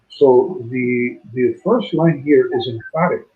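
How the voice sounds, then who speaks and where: A man teaching a Bible study, explaining grammar methodically and slowing down to sound out words. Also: medium pitch, expressive. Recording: tinny phone-line sound.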